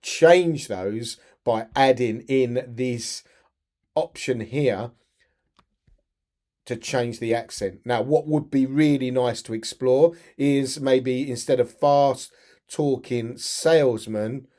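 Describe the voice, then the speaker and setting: A man narrates a software walkthrough for teachers. He talks in a casual, step-by-step way and often restarts his sentences. His voice sits at an ordinary mid pitch. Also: slow pace. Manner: chatty, step-by-step, frequent restarts. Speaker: tutorial presenter for teachers. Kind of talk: screen-share tutorial narration.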